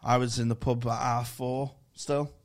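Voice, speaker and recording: Brief: man, mid-pitched, rambling storyteller who swears freely, loose podcast banter. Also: flat delivery, moderate pace. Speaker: comedian guest. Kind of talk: casual podcast chat.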